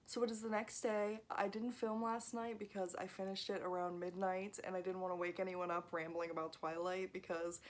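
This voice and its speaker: Young woman ranting in a casual book vlog. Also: mid-range voice. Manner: animated, ranting, frequent swearing and laughing. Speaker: book vlogger.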